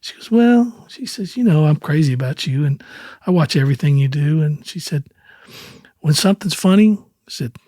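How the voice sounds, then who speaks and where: Talking fairly quickly, a male country singer in his sixties wanders through anecdotes as an interview guest, acting out others' lines and chuckling in a relaxed way. His voice runs a little high for a man, and the sound is dry and close, with no echo.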